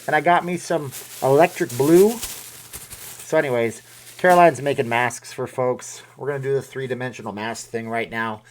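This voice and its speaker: A man's voice: mid-range voice, steady tone, moderate pace. Chatty man hosting a home live stream. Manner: chatty, jokey, rambling asides to viewers. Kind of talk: casual live-stream chat. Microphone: desk microphone with webcam.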